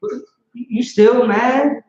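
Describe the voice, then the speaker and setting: A man voicing a girlfriend who pleads and makes excuses after a fight, in a high, rushed voice. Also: darkish tone, reverberant, lo-fi sound, full character voice. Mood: pleading.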